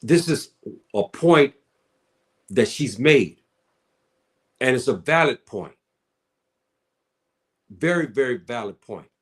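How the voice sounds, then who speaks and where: A man's voice: medium pitch, expressive, slow, pauses often. A man giving casual spoken commentary, addressing listeners as brother and sister and often repeating his words.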